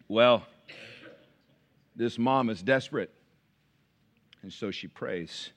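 A man preaching a sermon as pastor, animated, firing rhetorical questions and dropping to quiet asides. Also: mid-range voice, slow, pauses often.

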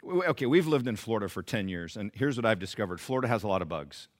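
A man preaching a sermon in a church, animated, swinging from loud emphasis to quiet asides. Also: lowish voice, racing. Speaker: pastor.

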